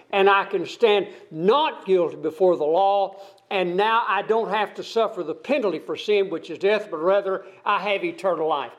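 A man's voice: high voice, lo-fi sound. A man preaching an expository sermon, reading scripture aloud and explaining it verse by verse, asking his listeners questions. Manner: asks the congregation questions.

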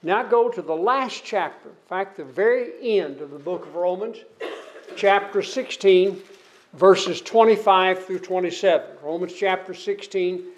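A man preaching a sermon and reading scripture, measured and emphatic, pausing often with "uh". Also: sits high. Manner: measured, emphatic on key words, with frequent "uh" pauses.

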